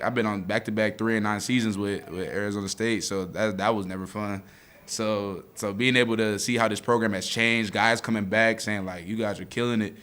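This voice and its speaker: A man's voice: on the low side, a bit bright, smooth. A young man in his twenties, a college football player, talking after a game in a casual, heartfelt way, choked up and near tears, often saying "man". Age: 20s. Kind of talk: emotional postgame interview.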